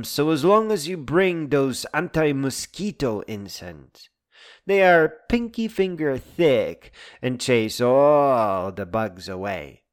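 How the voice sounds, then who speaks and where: A man reading a reflective, wry spoken essay in a musing, deliberate way. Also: mid-range voice. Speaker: essay narrator. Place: Lake Michigan area.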